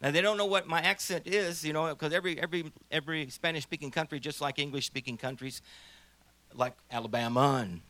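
A man's voice: a little high, fairly quick, bright, forceful tone, no echo. A man in his sixties from St. Louis, a minister giving a rambling, conversational personal testimony full of restarts. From St. Louis, USA. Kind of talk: personal testimony at a church gathering.

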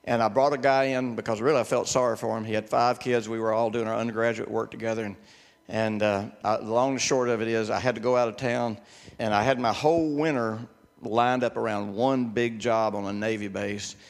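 A man's voice: fairly low pitch, steady tone, a little fast, in a large hall. An older man preaching a sermon, telling folksy personal stories and repeating words for emphasis.

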